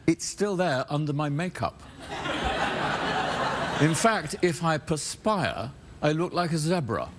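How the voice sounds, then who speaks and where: A man with a somewhat high voice spins dry, amused anecdotes as a talk-show guest. Heavy studio noise runs behind him. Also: expressive, takes it slowly, pauses often. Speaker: guest actor. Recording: TV studio with loud background noise.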